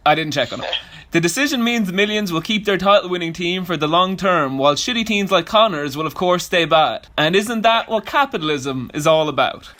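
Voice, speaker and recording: A man's voice: high-pitched, expressive, a little fast, bright, forceful tone. A man hosting a casual podcast, rambling and joking, swearing freely. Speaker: podcast host.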